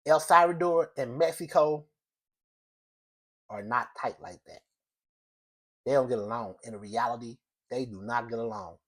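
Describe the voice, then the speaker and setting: A man's voice: mid-range voice, unhurried, long pauses, a bit bright. Emphatic man delivering a rambling monologue. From United States. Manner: emphatic, repetitive, rambling with restarts. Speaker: show host. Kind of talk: opinionated solo monologue.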